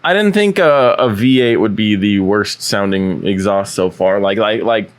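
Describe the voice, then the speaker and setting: A man's voice: fairly low pitch, normal speed. A young man hosting a reaction video, ranting sarcastically and crudely about car exhaust clips. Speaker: host reviewing subscriber car clips. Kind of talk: reaction commentary. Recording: loud car exhaust noise behind.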